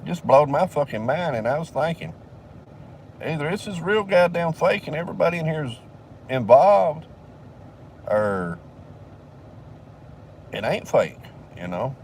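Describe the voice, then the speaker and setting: A man's voice: on the high side, very animated, unhurried, pauses often, darkish tone, far from the mic, a little hiss or hum. Profane older man telling stories. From southern United States. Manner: profane, rambling, drawling, laughs between lines. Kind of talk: casual storytelling.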